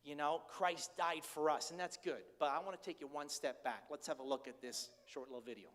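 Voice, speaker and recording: An older man preaching a conversational sermon as pastor, candid and animated as he tells stories. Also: on the high side, fairly quick. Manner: candid, chatty, animated storytelling. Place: church sanctuary. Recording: reverberant church hall.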